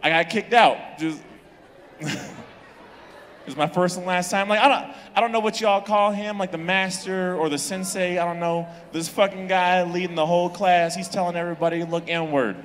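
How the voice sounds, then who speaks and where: A young man doing a crude stand-up set in a comedy club, animated and laughing at his own jokes. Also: high voice, moderate pace, slight background noise. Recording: reverberant club from the room.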